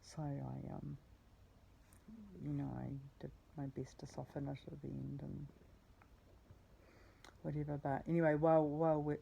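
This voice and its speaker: A woman's voice: low voice, vocal fry, warm tone, slight background noise, poor audio. A woman telling a personal story in a meandering way, often correcting herself and swearing casually. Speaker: vlogger.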